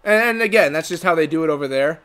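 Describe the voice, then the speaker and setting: Man, twenties, from the US, slightly high voice, rambling casual gaming chat, lots of ums and restarts. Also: lively intonation, fast talker, fairly bright tone, clean tone. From United States. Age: 20s. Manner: rambling, many fillers and restarts. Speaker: gaming co-host. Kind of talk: casual chat over gameplay.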